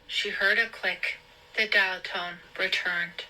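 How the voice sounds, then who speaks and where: A woman reads a teen thriller aloud in a storybook style, slow and deliberate. Her voice is very bright and sharp-edged, sitting at a middle pitch for a woman. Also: steady tone, rough recording. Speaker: host reading a novel aloud. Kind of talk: storybook reading.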